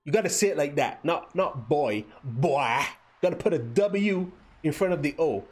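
A man's voice: a little high, lively intonation, normal speed, a little mellow. A young man hosting a livestream, giving casual gameplay commentary and teasing his chat in a playful, joking way. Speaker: livestream host.

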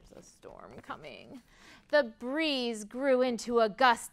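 A woman's voice: fairly high pitch, slow pace, clear, resonant tone. A woman librarian reading a picture book aloud at storytime, asking the children questions and acting out the sounds. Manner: expressive, asks children questions, acts out sounds.

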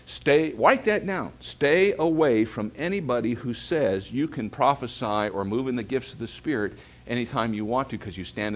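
A man, preaching a sermon as pastor, telling stories and calling the congregation to say amen. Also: mid-range voice. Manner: storytelling preacher calling for amens.

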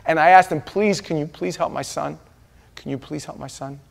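A man's voice: fairly high pitch, fairly even intonation, normal speed, vocal fry, pitched above the performer's own voice. A man acting out a desperate father begging for help for his sick son, his pleas rising in urgency. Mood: pleading.

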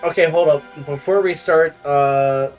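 A man's voice: fairly high pitch, steady tone, measured pace, faint music behind. A young man co-hosting a casual video game playthrough, giggly and easily amused. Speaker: co-host and video editor. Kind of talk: casual gaming chat.

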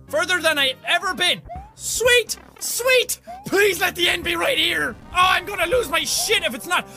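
A woman gamer playing through a level, swearing and yelling at the game as she plays. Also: extremely high pitch, sing-song, normal speed, faint music behind. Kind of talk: raging gameplay commentary.

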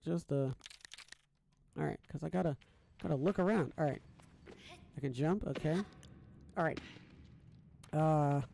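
A man's voice: on the high side, gravelly, warm tone, a little hiss or hum. A young man casually commenting on a game stream, rambling and thinking aloud with lots of fillers and restarts, fretting about his audio settings. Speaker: gaming streamer.

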